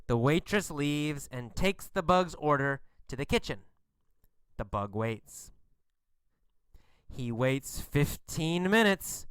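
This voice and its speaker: A man reads a children's-style story for English learners, taking his time and keeping every word clear. His delivery is lively and expressive, rising and falling widely. The sound is dry and close to the mic. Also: on the high side, a little slow, no room sound. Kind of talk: slow scripted narration for English learners.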